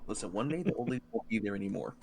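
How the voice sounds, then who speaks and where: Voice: mid-range voice, expressive, very fast, loud music behind the voice. A player in a tabletop game, wry and teasing. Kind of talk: casual chat in a tabletop game.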